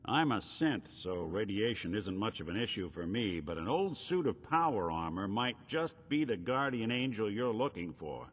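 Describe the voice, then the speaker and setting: A laid-back synth detective in a video game, his voice low with a dry, wry edge. A long reverb trails his words. He offers advice casually. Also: sing-song, normal speed, hardly any pauses.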